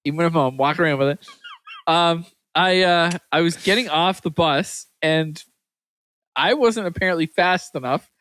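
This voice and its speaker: A Canadian man co-hosting a podcast, telling stories in a lively way, acting out the people in them and laughing often. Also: on the high side, moderate pace. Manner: animated storyteller, acts out other voices, laughs often. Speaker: podcast co-host. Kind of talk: casual chat.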